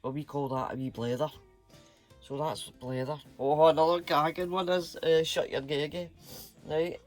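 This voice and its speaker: A man's voice: on the high side, little pitch movement, normal speed, faint music behind. A middle-aged man with a Scottish accent, chatting casually and playfully to his vlog viewers in a rambling way. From Scotland. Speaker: channel host.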